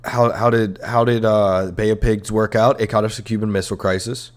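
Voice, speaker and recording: On headphones and a podcast mic, this young adult man talks fairly quickly in a lowish voice with fairly even intonation. His comedy history podcast is a casual comedic rant: irreverent, sarcastic, sweary, and padded with rambling fillers.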